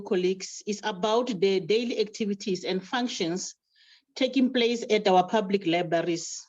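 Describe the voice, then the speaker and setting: A woman's voice: medium pitch, a little mellow, muffled recording. A woman chairperson at a library event, emotional, reciting a poem in rhythmic repeated phrases. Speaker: branch chairperson.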